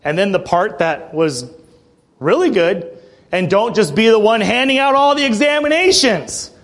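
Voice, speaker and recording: High-voiced man preaching with joking asides. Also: animated, normal speed, a bit bright. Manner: passionate, joking asides, frequent throat clearing. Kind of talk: sermon. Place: church.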